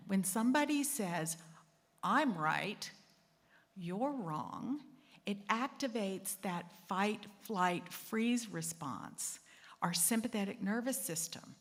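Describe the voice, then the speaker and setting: A woman's voice: mid-range voice, animated, slow, long reverb tail. A woman hosting a secular assembly, talking conversationally, joking about herself and acting out quotes. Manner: conversational, self-deprecating, acts out quotes. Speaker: host.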